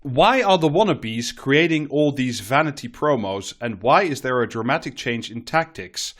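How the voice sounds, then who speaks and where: A man's voice: medium pitch, normal speed. A man co-hosting a casual political comedy podcast, reading quotes aloud and laughing often. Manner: animated, laughing often, swearing. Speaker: podcast co-host.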